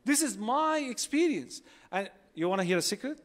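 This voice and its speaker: A man preaching to a live audience in a large convention hall, animated, asking the crowd questions and acting out quotes. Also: high-pitched, normal speed. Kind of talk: religious talk to a live audience. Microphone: holding a phone and a mic on stage.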